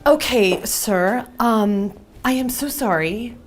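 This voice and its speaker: A woman's voice: fairly high pitch, slow pace, faint music behind. A woman playing a nervous shop clerk who stammers and hesitates under pressure. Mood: flustered. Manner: flustered, hesitant.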